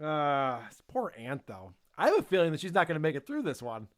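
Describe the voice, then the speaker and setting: A man's voice: a little high, big pitch swings, a little fast. A man hosting a casual comedy podcast, talking in a mocking, sarcastic way and laughing often. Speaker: podcast host.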